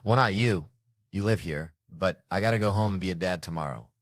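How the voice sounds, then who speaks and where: A middle-aged male comedian tells crude family stories, profane and brash. His voice sits a little low. The sound is dry and close, with no room echo. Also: a little fast. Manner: brash, profane storytelling with acted-out quotes. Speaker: stand-up comedian. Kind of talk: stand-up comedy routine.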